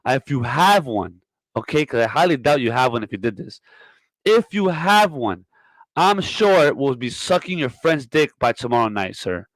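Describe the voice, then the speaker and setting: A man hosting a comedy podcast, delivering a profane, mock-scolding tirade that swings from loud to muttered. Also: medium pitch, very animated, moderate pace, dry recording. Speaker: podcast host. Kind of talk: comedic rant.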